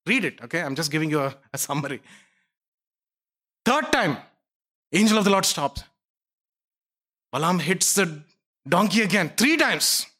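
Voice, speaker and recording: A man's voice: a little high, very animated, normal speed, pauses often, sharp tone. A man preaching a sermon, retelling a scripture story in a conversational way with asides to his listeners.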